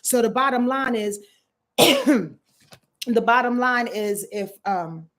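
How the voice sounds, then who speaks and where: A woman with a fairly high voice hosts a casual astrology livestream. She is loose and slangy, breaks into laughs, and clears her throat now and then. She mentions that her back is sore. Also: takes it slowly, a bit bright, a little hiss or hum. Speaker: astrology channel host.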